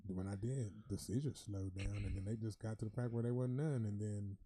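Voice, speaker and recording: A man co-hosting a podcast in a studio, talking in emotional bursts that get loud when he tells stories. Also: on the low side, fairly even intonation, brisk, a little hiss or hum. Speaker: podcast co-host. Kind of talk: casual podcast chat. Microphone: studio mic.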